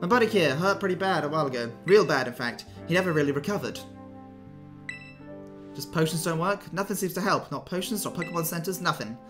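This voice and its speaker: A man's voice: on the high side, lively intonation, a little fast, over music, close to an everyday voice. A man reading as an earnest teenage boy. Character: earnest teenage boy devoted to his dog.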